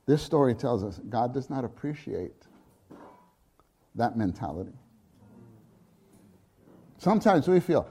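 A man preaching a sermon on scripture, often restarting his words and acting out quotes with loud, high bursts. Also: expressive, measured pace, long pauses, slightly rough. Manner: frequent restarts and repeated words.

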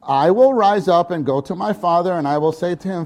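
A man delivers a sermon with a slightly high voice, acting out quoted lines in loud, lifted bursts. His delivery is animated, with frequent restarts and repeated words between the quotes. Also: moderate pace. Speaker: preacher. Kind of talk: sermon on scripture.

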